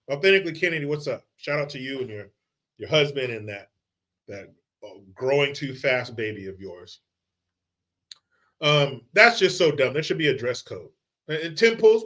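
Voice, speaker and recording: A man's voice: fairly high pitch, fairly bright tone. A man hosting a live commentary stream, ranting in a casual, mocking and profane way. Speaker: livestream host.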